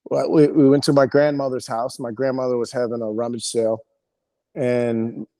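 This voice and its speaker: Man, comedian guest, casual storytelling, rambling, profane, animated, mid pitch. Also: moderate pace.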